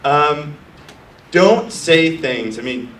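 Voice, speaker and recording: A man's voice: on the high side, expressive, drawn-out words, a bit bright, distant mic, a little hiss or hum. Brash, profane man in an echoey room. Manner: brash, profane, mocking, acts out nervous founders. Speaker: startup accelerator founder coaching founders. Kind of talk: blunt live talk to an audience. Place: room with an audience.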